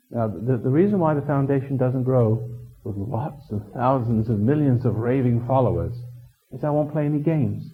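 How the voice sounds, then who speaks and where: A man from England, speaking at a middle pitch with a husky edge, lectures a live seminar in a hotel function room. He rambles, teases the listeners and restarts his sentences, chuckling along the way. The tape recording sounds dull and lo-fi.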